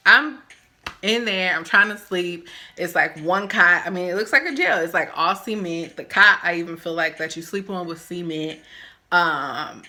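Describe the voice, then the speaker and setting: Bright-voiced woman telling a storytime. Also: lowish voice, moderate pace. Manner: animated, acts out quoted voices. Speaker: vlogger. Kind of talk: storytime vlog.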